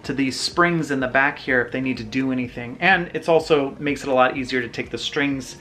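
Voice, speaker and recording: A man's voice: medium pitch, brisk. A man hosting his own channel, casually walking viewers through a hands-on guitar tutorial in his home workshop, explaining step by step. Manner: relaxed, explains step by step, some restarts. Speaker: guitar builder and channel host.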